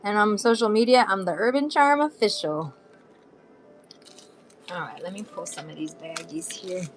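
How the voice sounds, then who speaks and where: A bubbly, chatty woman in her thirties from Southern California hosts a live shopping stream, her medium-pitched voice at normal speed over soft background music. She talks straight to viewers in a loose, friendly flow, holding items up as she sells.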